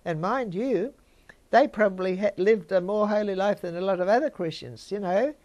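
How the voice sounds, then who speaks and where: A woman's voice: mid-range voice, moderate pace, darkish tone. An older woman, giving informal Bible teaching and chatting with her listeners. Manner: conversational, chats with listeners.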